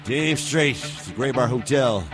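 A man working as a radio DJ, chatting and joking casually between songs in an animated way. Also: medium pitch, unhurried, over music.

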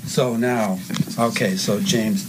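Man, voice director, casual coaching, fairly low voice, noisy recording. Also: steady tone, slow pace. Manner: casual, coaching, gives line readings.

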